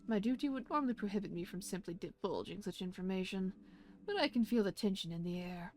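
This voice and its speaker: A woman doing a slow, mystical sage doctor. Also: mid-range voice, animated, a little mellow, faint music behind, close to an everyday voice. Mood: serene. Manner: slow, solemn, philosophical.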